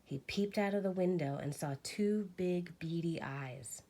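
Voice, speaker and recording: A woman teacher reads a children's storybook aloud, lively and expressive. She takes her time, with an unhurried pace and a mid-range voice. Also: fairly low pitch.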